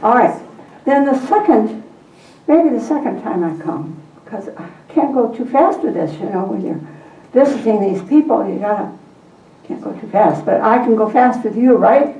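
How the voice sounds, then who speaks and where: A woman's voice: on the high side, animated, moderate pace, warm tone. A woman leading a call-and-response Bible lesson, coaxing her listeners and repeating prompts with frequent laughter. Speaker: Bible teacher for a group. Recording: distant, roomy and dull.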